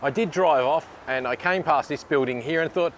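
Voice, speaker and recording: A man's voice: fairly high pitch, normal speed. Aussie guy vlogging on a handheld cam, rambly and chatty, bit of street noise behind. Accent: Australian. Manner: chatty, rambling, says thank you a lot. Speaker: vlogger host. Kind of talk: casual walk-and-talk vlog. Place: bakery and city street, indoors and outdoors. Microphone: handheld camera filming himself.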